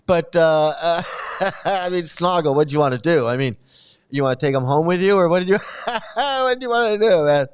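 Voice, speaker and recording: A man's voice: on the high side, lively intonation, moderate pace, clear, resonant tone. A middle-aged man talking casually and at length, rambling and swearing, often stammering and breaking into laughter. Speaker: channel host commenting on a cult. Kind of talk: casual livestream commentary.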